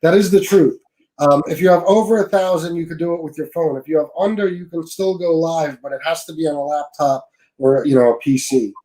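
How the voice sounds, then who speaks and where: A male host with a slightly high but mellow, warm voice. He runs a casual live-stream interview in an easygoing way, reading out viewer comments between questions. His voice comes through a video call. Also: steady tone, fairly quick, low-quality recording.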